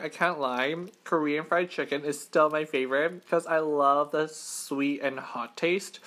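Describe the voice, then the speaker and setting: A man's voice: a little high, fairly even intonation, a little slow, hardly any pauses, pushed and bright. Chatty man eating on camera. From Western Canada. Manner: chatty, rambling, self-correcting, laughing between bites. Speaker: mukbang host. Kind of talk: casual eating-show chat. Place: hotel room. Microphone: camera mic.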